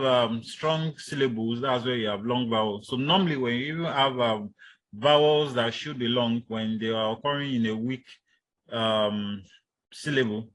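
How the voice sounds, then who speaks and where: A man lecturing university students, speaking deliberately, with many fillers and repeating his key points. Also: medium pitch, fairly bright tone, poor audio.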